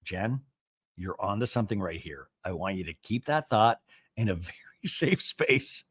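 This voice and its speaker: A male podcast host chatting casually through a reality show recap, animated and quick to act out quotes. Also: fairly low pitch, husky, no room sound, studio quality.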